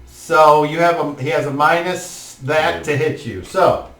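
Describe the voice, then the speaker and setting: Male game master, descriptive and halting, recorded at a distance in a roomy space. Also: fairly high pitch, steady tone, a bit bright, faint music behind. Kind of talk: narrating a tabletop game. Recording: roomy room, mic far off.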